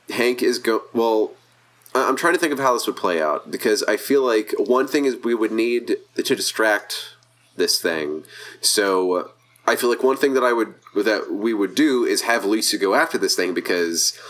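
A man's voice: fairly low pitch, animated, a little slow, a bit bright. A man playing in a tabletop game, thinking aloud hesitantly and often restarting his sentences. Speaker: player. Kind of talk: casual chat in a tabletop game.

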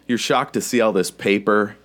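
A man's voice: on the low side, fairly even intonation, normal speed, a bit bright. A man narrating a tabletop game as game master, casual and rambling with many fillers.

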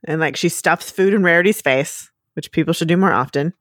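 A woman co-hosting a podcast, recapping a cartoon episode in casual, animated, giggly chat. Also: deep voice, brisk, no echo, clean studio sound. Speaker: podcast co-host.

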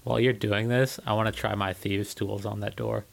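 A man's voice: lowish voice, level tone, a little fast, vocal fry. A man playing a tabletop game, with a smug, playful delivery. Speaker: player. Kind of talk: in-character tabletop play.

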